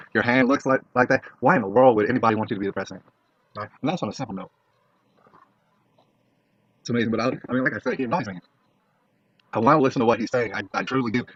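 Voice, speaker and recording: A man's voice: medium pitch, a bit bright, no room sound. A young man ranting bluntly to camera in a vlog, profane and opinionated, who keeps checking in with his viewers. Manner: blunt, profane, keeps asking "all right?". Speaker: vlogger. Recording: dull lo-fi dry recording.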